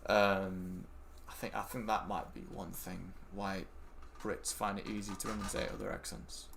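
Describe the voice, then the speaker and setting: Low-voiced British gaming streamer. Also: male voice, level tone, moderate pace, creaky, a bit bright, slight background noise. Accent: British English. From Britain. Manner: rambling, answers chat, swears casually. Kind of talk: casual livestream chat over gameplay.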